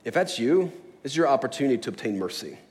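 A man's voice: medium pitch, big pitch swings, fast talker, a little mellow. A man preaching a sermon in a church, conversational and prone to laughing, building to emphatic passages. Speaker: pastor. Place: church sanctuary.

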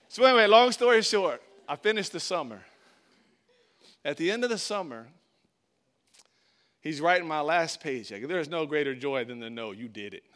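A man preaching from the pulpit, telling a personal story with lively acted-out quotes, loud bursts and hushed asides. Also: fairly high pitch, normal speed, long pauses, some chatter behind. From Florida. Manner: animated storyteller, acts out quotes, big swings in loudness. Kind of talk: sermon storytelling.

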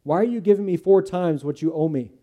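A male preacher reading the lines of an angry, suspicious man confronting a tax collector, in sharp, agitated outbursts. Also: fairly high pitch, fairly quick, natural voice.

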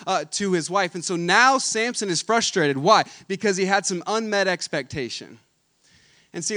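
A man preaching a sermon as a pastor, telling a Bible story in a chatty way and acting out its characters, then rising to loud, emphatic preaching. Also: fairly high pitch.

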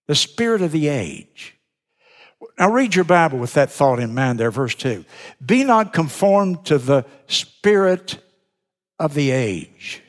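Pastor, male, slightly high voice, emphatic sermon delivery, long church reverb. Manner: emphatic preaching, repeats key phrases. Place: church sanctuary.

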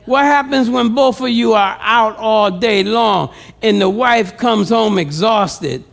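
Male pastor, sermon, slow unhurried delivery, high-pitched, humorous, questions to the congregation. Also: gravelly.

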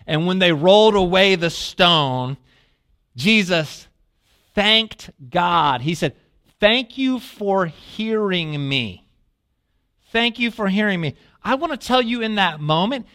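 A man preaching a sermon as a pastor, telling a story with lively asides and questions to the listeners, dropping to a hush when quoting prayers. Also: on the high side. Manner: animated storytelling, asks the congregation questions.

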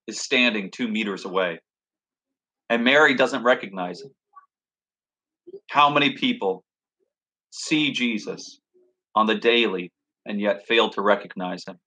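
A man's voice: medium pitch, sharp tone. A man preaching a sermon, reading scripture aloud and reflecting on it in an earnest, thoughtful way. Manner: earnest, reflective, reads scripture then expounds.

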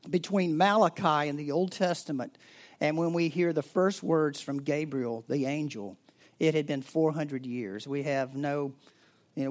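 A man preaching a sermon in a conversational way, rising to loud emphasis and dropping to a near-whisper. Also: a little high. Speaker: pastor.

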